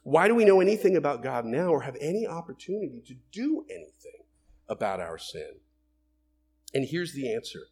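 Husky, animated man preaching a sermon. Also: fairly high pitch, brisk. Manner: animated, acts out voices of people and God in quotes.

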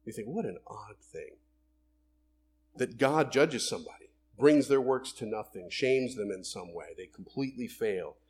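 A man preaching a sermon, explaining scripture in an animated way and acting out the voices in his quotes. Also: mid-range voice, moderate pace, hardly any pauses, slightly rough. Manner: animated, acts out voices of people and God in quotes.

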